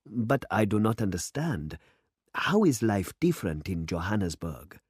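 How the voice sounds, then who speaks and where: A man's voice: fairly low pitch, big pitch swings, unhurried, husky, no room sound, studio quality, full character voice. A man doing a humble, earnest old priest. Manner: earnest, polite, questioning. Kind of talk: storybook reading.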